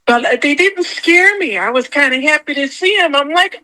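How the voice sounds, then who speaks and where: A middle-aged woman telling her own story as a podcast guest, acting out what she said in a high, animated voice. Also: normal speed, few pauses, rough recording. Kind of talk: casual storytelling interview.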